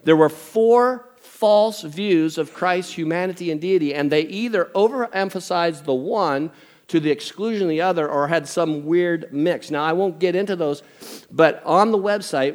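A man's voice: on the high side, moderate pace. Older male pastor preaching, conversational. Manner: conversational, jokey asides, animated impressions of family. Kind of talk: sermon.

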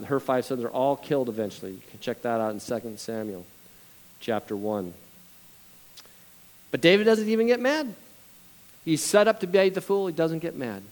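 A male pastor preaching a sermon in a lively, conversational way, asking his congregation questions and adding jokes between Bible readings. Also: a little high, rough recording.

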